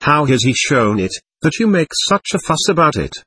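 A man's voice: on the high side, sing-song, moderate pace, fairly bright tone, husky, no room sound, pitched above the performer's own voice, heavily acted. A man reading the part of a sullen, resentful young man in an audiobook, snarling and sulky.

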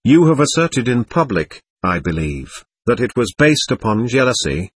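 A man reading the part of an official investigating lawyer who questions in a measured, formal way. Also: mid-range voice, sing-song, breathy edge, no echo.

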